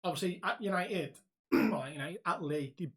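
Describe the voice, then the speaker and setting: A man's voice: high-pitched, moderate pace. A young man chats loosely on a podcast. He tells stories with plenty of laughs and swearing thrown in. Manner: animated storyteller, laughs often, swears freely. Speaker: podcast co-host. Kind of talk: casual chat.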